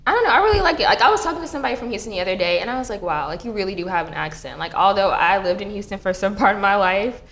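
A woman from Texas co-hosting a podcast, telling stories in a relaxed, slangy way. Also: mid-range voice, racing, hardly any pauses. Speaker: podcast co-host. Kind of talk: casual chat.

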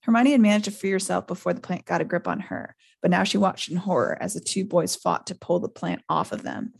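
A woman hosting a podcast, reading a novel aloud in a lively way. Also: lowish voice, fairly quick, gravelly, husky. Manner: lively, laughs often. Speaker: podcast host.

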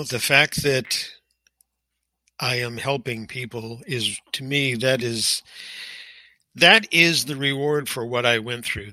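Older man, tense bright voice, emotional. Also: mid-range voice, no room sound, rough recording. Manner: emotional, halting with frequent fillers. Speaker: interview guest. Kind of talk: personal testimony in an interview.

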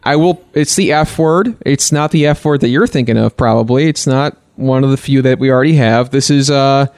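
A man's voice: medium pitch, fairly quick, a little mellow, clear, resonant tone, no echo, clean studio sound. A man co-hosting a podcast, joking around and introducing the week's segments. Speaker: podcast co-host. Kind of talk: casual podcast banter.

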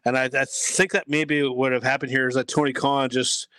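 A man's voice: medium pitch, flat delivery, normal speed, sharp tone, dry recording. A man giving his views as a guest in a casual podcast chat, rambling with many restarts. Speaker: guest commentator.

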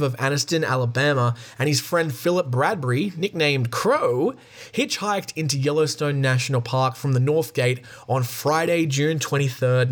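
A man hosting a podcast, reading a true-crime account aloud at a steady pace, with fillers, small restarts and wry asides. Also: mid-range voice. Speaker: podcast host.

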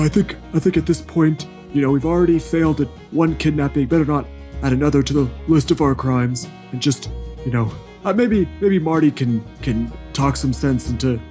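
A man's voice: a little high, a little mellow. A man playing a tabletop game, speaking hesitantly and often restarting his sentences. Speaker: player. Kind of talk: tabletop role-play.

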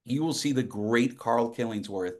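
A man guest on a podcast, telling lively anecdotes in casual conversation, often restarting his sentences. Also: mid-range voice, normal speed. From United States. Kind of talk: casual storytelling.

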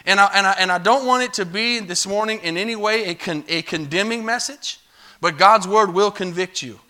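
A man with a high voice, bright and forceful, preaches a little fast in a church sanctuary. As pastor, he narrates a story in a conversational, loose way, asking for amens along the way.

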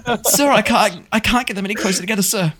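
A man's voice: high-pitched, fast talker, a loud crowd, pitched above the performer's own voice, natural voice. A man voicing a flustered young male guard who stammers and answers in panicky yes-sirs.

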